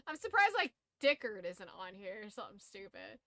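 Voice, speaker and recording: A woman's voice: mid-range voice, sing-song, fairly quick, a bit bright, no room sound, clean studio sound. A young woman streaming casually, who swears freely, laughs a lot and shrieks in disbelief. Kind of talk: casual live-stream chat.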